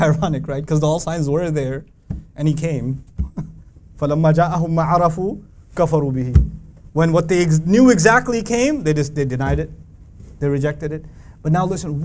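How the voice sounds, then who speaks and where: Male Quran teacher, raised pitch, animated lecturing style that recites Arabic verses, faint background noise. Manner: animated, asks the audience rhetorical questions; recites Arabic verses between English explanation. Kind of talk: religious lecture to a live audience.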